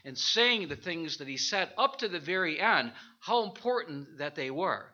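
A man teaching an informal Bible study, thinking aloud with halting restarts and rhetorical questions. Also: fairly high pitch, very animated, bright, forceful tone, highs cut off.

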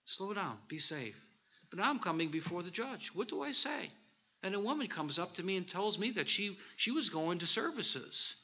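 A man, a minister, preaching a sermon with animated storytelling and scripture reading, on a dull lo-fi recording. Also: high voice, moderate pace, slightly rough.

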